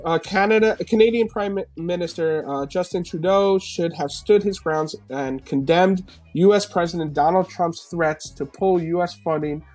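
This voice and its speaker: A man from New York hosts a casual live stream from home, reading news headlines. He tears into them with sarcastic, swearing commentary and keeps breaking into laughter. Faint music plays quietly behind him. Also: fairly high pitch.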